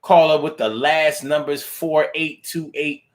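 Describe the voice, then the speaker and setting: A male talk show host with a slightly high voice, speaking in relaxed full of slang. He chats loosely to his listeners and riffs playfully, even half-singing the call-in number. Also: unhurried. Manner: loose, street slang, sings the phone number.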